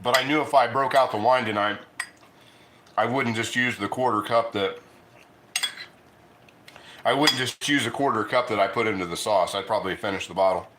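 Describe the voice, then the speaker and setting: There's a noisy background behind this middle-aged man's fairly low voice as he runs a casual cooking livestream at home. He speaks at normal speed but pauses often, rambling, restarting, and talking with his mouth full between bites.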